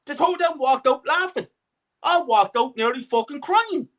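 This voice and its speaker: A man's voice: extremely high pitch, lively intonation, moderate pace, fairly bright tone. A man who has travelled from Ireland, calling in with an angry, sweary rant about a match. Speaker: caller. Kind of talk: ranting fan anecdote.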